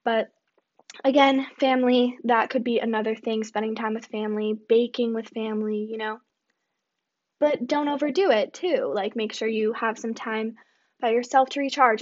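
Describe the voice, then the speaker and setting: A young woman hosting her own podcast, chatting casually and rambling a little, with lots of fillers and self-deprecating asides. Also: fairly high pitch. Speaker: podcast host. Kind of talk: casual solo podcast chat. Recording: dull lo-fi home recording.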